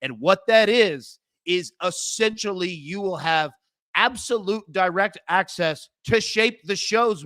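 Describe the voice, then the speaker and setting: A man co-hosting a sports betting show, talking emphatically and fast, leaning on words like "literally" as he pitches. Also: fairly bright tone, no echo, clean studio sound. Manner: fast, emphatic, repeats 'literally'. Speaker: co-host. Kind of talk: excited sales pitch and betting talk.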